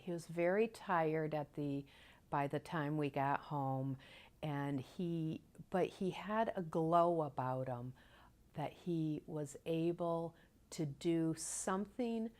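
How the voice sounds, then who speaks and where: A woman telling a personal memory in a halting way, with many fillers and some soft whispered stretches. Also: sits low. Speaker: storyteller recalling a loved one. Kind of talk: personal recollection.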